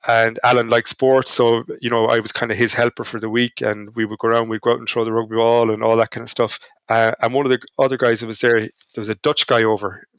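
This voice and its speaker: A man's voice: mid-range voice, level tone, quick pace, few pauses, a bit bright, clean tone, no room sound. A man with an Irish accent, a podcast guest telling anecdotes in a casual, self-deprecating way. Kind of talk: casual storytelling chat.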